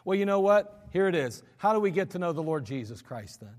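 A man's voice: sits high, sing-song, fairly quick, darkish tone. An American man preaching a sermon in a church sanctuary, folksy and emphatic as he tells stories from the pulpit. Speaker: pastor. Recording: church hall reverb.

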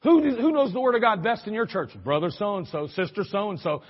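A male preacher with a high, husky voice delivers an animated sermon, breaking into sudden exclamations as he acts out quoted reactions. His voice rings with long reverb through a church hall, and the recording sounds dull and muffled. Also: brisk.

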